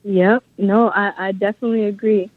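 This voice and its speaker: Over a dry phone line, a woman guest author gives an interview with passion and firm conviction. Her medium-pitched voice is brisk with fairly even intonation, and her talk is emphatic and driven by faith.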